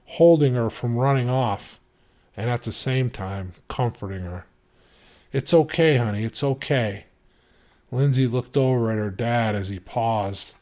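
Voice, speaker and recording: A man reading a novel chapter aloud in steady, measured narration. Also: mid-range voice. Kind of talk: audiobook reading.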